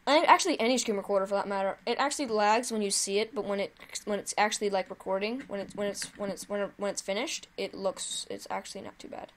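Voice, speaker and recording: A woman hosting her own gaming video, giving chatty, excitable live commentary while she plays and cheering at her wins. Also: mid-range voice, fast, hardly any pauses, slight background noise.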